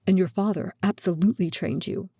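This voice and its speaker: Audiobook part: woman voicing a calm teen male agent, matter-of-fact, mellow tone, dry close sound. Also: on the low side, brisk, slightly rough, dry recording. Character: calm, confident teen male spy recruiter. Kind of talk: audiobook character voice.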